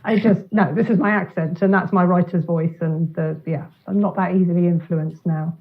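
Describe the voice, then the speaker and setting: A woman's voice: lowish voice, fairly even intonation, moderate pace. A woman author, chatting casually with lots of ums and restarts on a video call. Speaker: guest author. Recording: tinny phone-like line.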